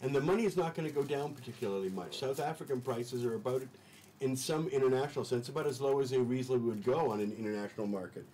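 A man's voice: medium pitch, fast talker, dark tone, slight background noise, poor audio. A man talking as a studio guest in casual talk-show chat, enthusiastic and rambling, repeating words as he restarts his sentences.

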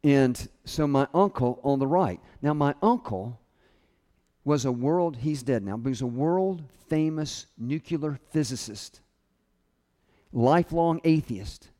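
A man preaching from the pulpit, his voice at an ordinary middle pitch. He tells stories and brings the people in them to life as he quotes them. A long reverb from a large hall trails every phrase. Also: measured pace. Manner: storytelling with lively quoted voices. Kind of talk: sermon.

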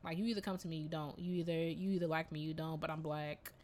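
A young woman in her twenties co-hosting a casual podcast chat, animated and slangy, laughing often. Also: low-pitched, fast talker. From Jamaican family ties. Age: 20s. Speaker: podcast co-host.

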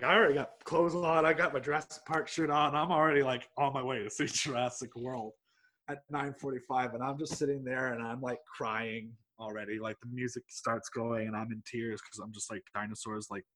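A man who teaches English telling a personal story in a rambling, excitable way, swearing freely and laughing mid-sentence. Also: medium pitch, normal speed. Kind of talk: casual anecdote telling.

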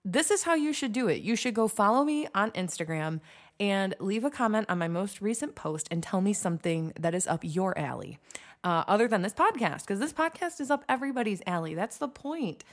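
A woman's voice: mid-range voice, animated, fairly quick. A young woman hosting her own podcast, chatting casually and self-deprecatingly with lots of fillers and restarts. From United States. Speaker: podcast host. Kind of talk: casual solo podcast chat.

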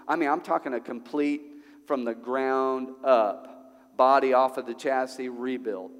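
A male pastor preaching a sermon at a church service, conversational and animated, full of rhetorical questions. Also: mid-range voice, measured pace. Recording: long hall reverb.

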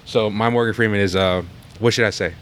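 A man hosting a podcast in casual chat, playful and quick to laugh. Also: on the low side, steady tone, a little hiss or hum. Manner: laughs often, playful, tries impressions. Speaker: podcast host.

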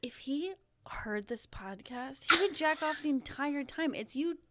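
A woman's voice: high voice, lively intonation, unhurried, noisy background. A young woman hosting a podcast, blunt and teasing in casual chat, laughing often. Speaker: podcast host.

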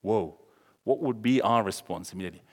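A man preaching a sermon in a large hall, his voice trailing off in long reverb. His delivery swoops up and down with animation. He acts out the dialogue and breaks into sudden loud exclamations. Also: medium pitch, animated, a little slow.

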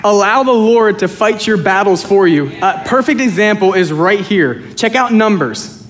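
A male pastor preaching a sermon, animated and joking, swinging between loud and soft. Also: high voice, normal speed. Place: church sanctuary with congregation.

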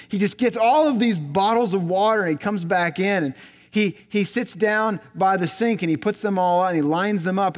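A male pastor preaching a sermon, telling a story and asking rhetorical questions, often dropping to a soft voice. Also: sits high. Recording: long hall reverb.

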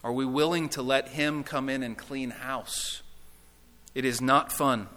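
A man's voice: medium pitch, steady tone, a little slow, sharp tone. A man preaching a sermon with earnest, emphatic questions to his congregation. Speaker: pastor. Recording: reverberant hall.

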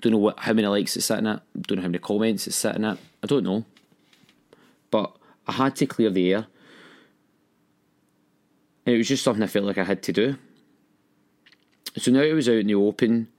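A young man recounts a hard time in his life, speaking candidly and with feeling. His voice sits a little low, and he acts out the voices he quotes. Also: fairly quick, pauses often, a little mellow. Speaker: storyteller recounting his own experience. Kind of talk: personal storytelling.

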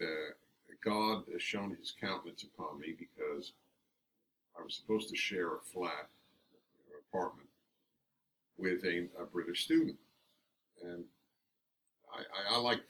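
A radio host telling stories emphatically as the guest in an interview, recorded from a distance. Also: male voice, deep voice, a little hiss or hum. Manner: emphatic, animated storyteller. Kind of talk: interview storytelling.

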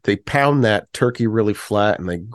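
A man's voice: on the low side, expressive, moderate pace, no room sound, studio quality. A man co-hosting a podcast, trading crude, mocking jokes in casual comedic chat. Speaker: podcast co-host.

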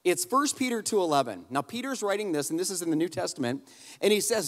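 A man preaching a sermon, telling a humorous family story in an animated, conversational way and addressing the crowd directly. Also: sits high, fast, in a large hall. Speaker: pastor.

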